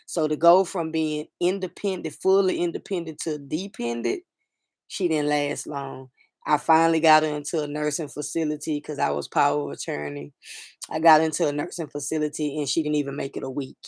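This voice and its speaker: A middle-aged woman hosting a casual livestream chat, talking softly and sadly to viewers, rambling with fillers and restarts. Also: low voice, fairly even intonation, a little fast, creaky, dry recording, studio quality. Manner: soft-spoken, grieving, rambling with fillers and restarts. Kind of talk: casual personal talk to viewers.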